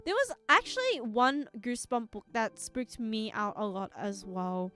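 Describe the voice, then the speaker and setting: A woman's voice: a little high, expressive, unhurried, a bit bright, faint music behind. A young woman streaming live, chatting casually to her viewers in a rambling way and giggling often.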